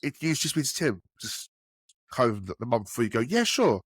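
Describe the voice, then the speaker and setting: A husky male voice, a little fast, tells casual podcast stories about enterprise sales. He's animated, playing the people he quotes with a raised pitch, and the recording is dry with clean studio sound.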